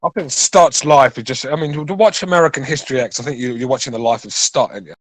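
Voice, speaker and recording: A man's voice: medium pitch, fast, no room sound. A man with an English accent on a boxing podcast, chatting casually and rambling with restarts and swearing. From England. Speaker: podcast panelist. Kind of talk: casual chat.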